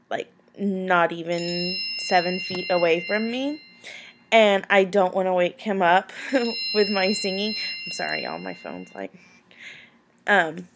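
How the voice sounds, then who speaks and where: A young woman, chatting casually to camera at home late at night, tired and rambling with lots of fillers. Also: mid-range voice. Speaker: vlogger answering viewer questions.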